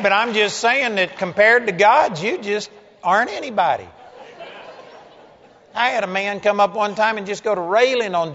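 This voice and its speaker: A man's voice: a little high, a bit bright. A man preaching a sermon in a blunt, folksy way, joking with the crowd. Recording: dull lo-fi sound with long hall reverb.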